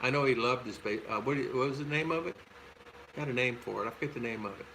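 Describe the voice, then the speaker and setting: A man's voice: medium pitch, fast talker, noisy background. An older man with a Southern American accent, hosting a casual livestream and chatting through viewer comments with frequent chuckles. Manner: rambling, chuckles often. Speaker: host. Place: home in the Philippines.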